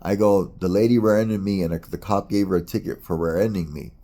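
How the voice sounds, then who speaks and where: This is the same kind of speaker: a middle-aged man from the US, low and mellow, moving briskly. His vlog story is long and exasperated, full of profanity, tangents and fresh starts.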